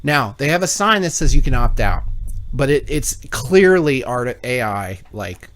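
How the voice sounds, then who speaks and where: A man's voice: medium pitch, sing-song, unhurried, fairly bright tone. A man co-hosting a call-in talk show, telling a long story in casual chat, swearing and acting out both sides of conversations. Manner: rambling storyteller, swears, acts out dialogue.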